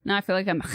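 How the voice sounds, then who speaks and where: A woman's voice: very deep voice, vocal fry, a bit bright, breathy edge, no echo, clean studio sound. A woman from California streaming live, thinking aloud in a hesitant way and laughing at herself. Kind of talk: casual livestream chat.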